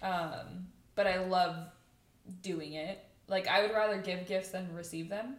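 A woman's voice: on the low side, steady tone, measured pace. Chatty woman on an echoey distant mic. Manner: chatty, lots of "like" fillers; frank, swears casually. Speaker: podcast co-host. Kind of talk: casual chat. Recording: echoey room, distant mic, background noise.

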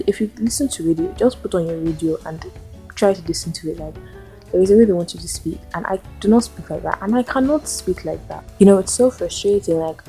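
Nigerian woman with a gravelly low voice. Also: warm tone. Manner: ranting, exasperated rhetorical questions. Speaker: podcast host. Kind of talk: solo podcast monologue.

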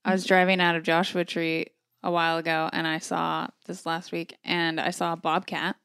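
A woman in casual chat, laid-back and quick to laugh, mostly giving brief replies. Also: lowish voice, flat delivery, fairly bright tone, clean tone, no room sound.

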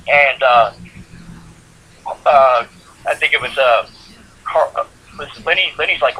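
Bright, husky man recapping casually. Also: medium pitch, measured pace, long pauses, rough recording. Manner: rambling plot recap with frequent fillers and laughs. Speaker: podcast co-host. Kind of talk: casual chat.

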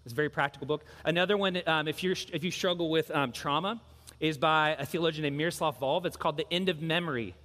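A man's voice: on the high side, fast, a bit bright, big-room sound. A man preaching a sermon as pastor, earnest and emphatic, driving points home with repeated phrases.

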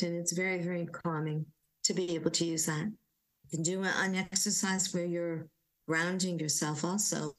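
A woman leading a guided relaxation talk at home, giving slow, soothing instructions with gentle repetition. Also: on the low side, low-quality recording. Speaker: parenting coach leading calming exercises.

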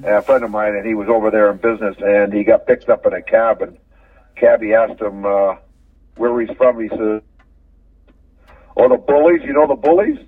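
A man's voice: lowish voice, moderate pace, long pauses, husky, dry recording. Older man telling stories over a phone line. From Canada. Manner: rambling, repeats words, chuckles while telling stories. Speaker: guest, former hockey player. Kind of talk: casual storytelling interview. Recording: phone-line audio from a distance.

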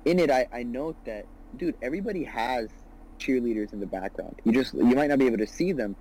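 Talking fast and with animation, a twenties-aged guest rambles earnestly about his business on a casual podcast, leaning heavily on "you know" and "right." His medium-pitched voice has a dark, slightly rough tone, and the recording quality is low.

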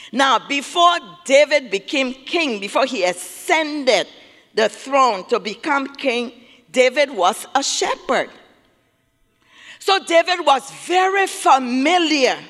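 A man's voice: very high voice, sharp tone. A man preaching a sermon, emphatic, repeating key words and calling on listeners to say them back. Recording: long reverb of a large hall.

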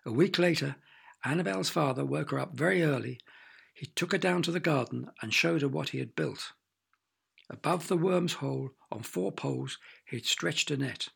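A man narrating a children's storybook with expressive, playful sound effects. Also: fairly high pitch, normal speed, vocal fry, breathy edge.

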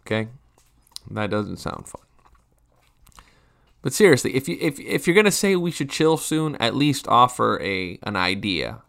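A man's voice: mid-range voice, sing-song, a little slow, gravelly, long pauses, fairly bright tone. A man around thirty ranting casually for laughs, rambling and swearing, often restarting his sentences and poking fun at himself. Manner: rambling, profane, self-mocking, frequent restarts. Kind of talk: casual comedic rant.

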